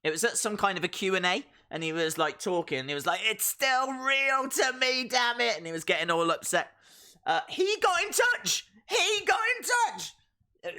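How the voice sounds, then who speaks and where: A man's voice: a little high, pushed and bright. A young man hosting a casual live stream who reads viewer comments aloud and rambles through playful jokes and asides.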